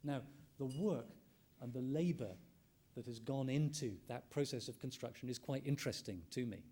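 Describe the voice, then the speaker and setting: Speaking in a warm, mid-range voice, a middle-aged ethnomusicologist presents at a conference. He is measured and reflective, rephrasing as he goes with plenty of ums.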